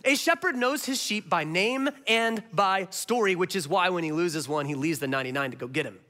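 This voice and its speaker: Male pastor, sermon, high voice, bright tone, animated storytelling. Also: fairly quick. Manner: animated storyteller with big swings in voice.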